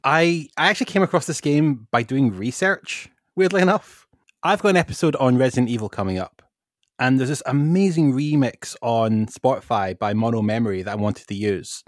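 A Scottish man from Scotland appears as a guest on a gaming podcast, chatting casually in an easygoing, rambling way. His voice sits at medium pitch and moves at normal speed, captured with clean studio sound and no room ambience.

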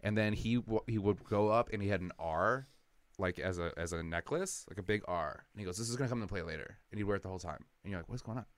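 Deep-voiced man telling comedy stories. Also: fast, no echo. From Wisconsin. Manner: animated storyteller, acts out quotes. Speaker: comedian, podcast co-host. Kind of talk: casual chat, storytelling.

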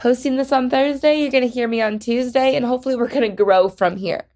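A young woman hosting her podcast alone, rambling and halting with many fillers, emotional and close to tears. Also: on the high side, warm tone. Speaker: podcast host. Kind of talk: casual solo podcast chat.

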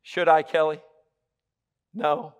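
A middle-aged male pastor giving a sermon, telling stories and swinging from hushed asides to loud appeals. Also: fairly high pitch, slow pace, smooth.

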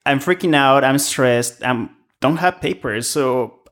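A man's voice: medium pitch, unhurried, fairly bright tone. A man chatting casually, telling stories about restaurant work in a rambling way. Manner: rambling storyteller. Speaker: restaurant worker, podcast guest. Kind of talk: casual chat.

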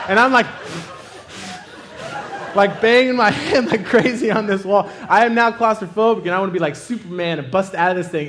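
A young man with a high-pitched voice preaches in a reverberant space. His sermon opens with a funny personal story full of laughter before he turns it into a lesson.

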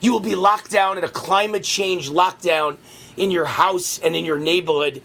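A man hosting a political talk radio show, delivering a rapid, heated ranting monologue. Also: high voice, steady tone, vocal fry, a bit bright.

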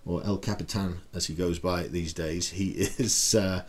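A man's voice: low voice, fairly even intonation, a little slow. Profane, pep-talking male podcast host. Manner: blunt, profane, pep-talk delivery with many rhetorical questions. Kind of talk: casual motivational monologue.

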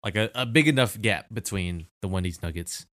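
A low-voiced man hosts a relaxed podcast chat and keeps the game moving with light teasing. His voice sounds dry and close, with no room around it. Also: a little fast, no room sound. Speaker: podcast host. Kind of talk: casual chat.

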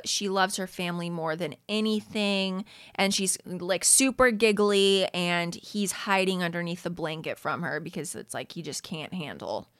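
A woman's voice: lowish voice, a bit bright, no echo, studio quality. A young woman hosting a podcast, chatting casually, with lots of "like", frequent laughs and easy swearing. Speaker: podcast host recapping a reality show. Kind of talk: casual chat.

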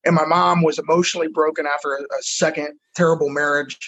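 A man's voice: on the high side, flat delivery, fast talker, a bit bright, slightly rough, muffled recording. A middle-aged man, a football coach, telling his own life story frankly and earnestly in a conversation. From United States. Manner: earnest, frank storyteller who repeats words as he goes.

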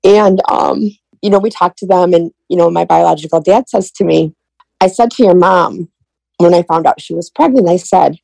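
A woman's voice: on the low side, moderate pace, vocal fry, warm tone, dry recording, low-quality recording. A middle-aged woman telling her family story in an interview, retelling conversations in quoted dialogue. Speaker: guest.

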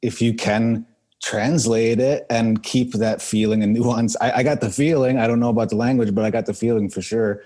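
Male interviewer, casual, mellow, husky tone, encouraging. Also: mid-range voice, fairly even intonation, normal speed. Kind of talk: interview conversation.

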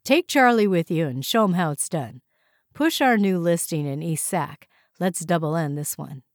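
A woman's voice: lowish voice, animated, moderate pace, no echo, studio quality. A woman voicing a confident, upbeat young male real estate boss giving orders to his agents. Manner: upbeat, commanding.

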